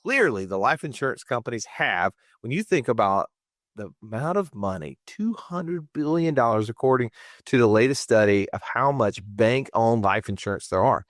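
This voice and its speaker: A man's voice: mid-range voice, expressive, moderate pace, no room sound, studio quality. A man with a Montgomery, Alabama accent, hosting a podcast about money and speaking emphatically and rhetorically. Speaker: podcast host. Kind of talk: podcast talk on finance.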